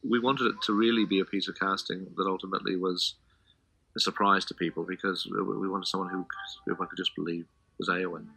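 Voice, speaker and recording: A man's voice: low-pitched, level tone, fast talker, sharp tone, breathy edge, no room sound, poor audio. A man being interviewed for a documentary, recalling moments from a film shoot. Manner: anecdotal, conversational storytelling. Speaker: filmmaker interviewee.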